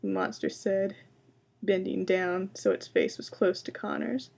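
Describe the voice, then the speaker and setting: A woman giving a booktalk presentation, introducing books and reading excerpts aloud in a quiet, measured way. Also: medium pitch, steady tone, vocal fry. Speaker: library science student presenting books.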